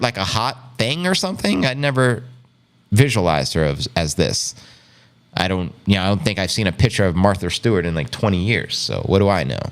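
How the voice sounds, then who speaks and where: A man hosting a casual livestream, reading viewer comments aloud with playful, joking banter and frequent laughs. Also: fairly low pitch. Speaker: host.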